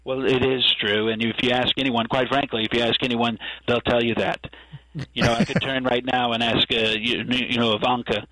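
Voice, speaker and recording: A man's voice: medium pitch, little pitch movement, moderate pace, sharp tone, no room sound, close to an everyday voice, low-quality recording. A man doing an impression of a boastful, insulting male politician, repeating himself and tagging lines with a questioning "okay". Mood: boasting. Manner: tags nearly every sentence with a questioning okay, repeats himself. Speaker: comedic impressionist guest.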